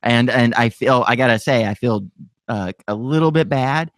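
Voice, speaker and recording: A man's voice: medium pitch, normal speed, fairly bright tone, no echo, studio quality. A man hosting a podcast in casual chat, laughing often and poking fun at himself. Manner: laughs often, chatty and self-mocking. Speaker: podcast host.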